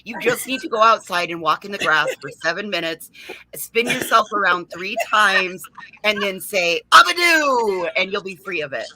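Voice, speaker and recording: A woman's voice: medium pitch, normal speed, pushed and bright, rough recording. A woman on a casual panel chat, teasing and giving jokey mock advice.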